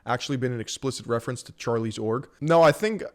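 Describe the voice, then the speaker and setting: A man's voice: mid-range voice, quick pace. A man streaming, giving wry, mocking reaction commentary on a protest video and laughing at the clips.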